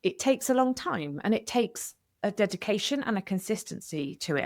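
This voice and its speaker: Earnest woman, reflective guest. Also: medium pitch. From United Kingdom. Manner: earnest, reflective, self-interrupting with restarts. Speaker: podcast guest, widow coach. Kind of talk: candid podcast conversation.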